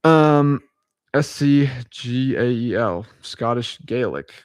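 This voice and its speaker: A man's voice: mid-range voice, animated, slow, smooth, no echo. Chuckling man reading abbreviations aloud. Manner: chuckling often, self-correcting, rambling asides; spells out abbreviations letter by letter. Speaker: vlogger. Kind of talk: casual reading-aloud vlog.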